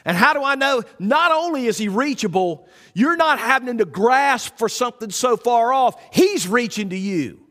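A pastor preaching with folksy, storytelling flair. His voice is high and swings widely in pitch. The sound carries the long reverb of a church hall. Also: animated, moderate pace, few pauses, fairly bright tone. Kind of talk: sermon.

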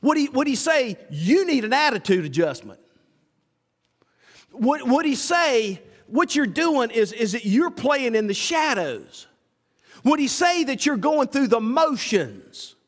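A man's voice: very high voice, very animated, measured pace. A man preaching a sermon as a pastor, asking rhetorical questions and repeating himself as he builds his points. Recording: long hall reverb.

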